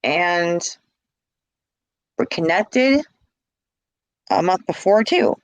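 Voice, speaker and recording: Slow-talking impassioned woman, dry sound. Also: fairly low pitch, lively intonation, no echo, poor audio. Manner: impassioned, repeats herself, acts out quoted calls. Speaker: interviewee. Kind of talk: emotional personal account.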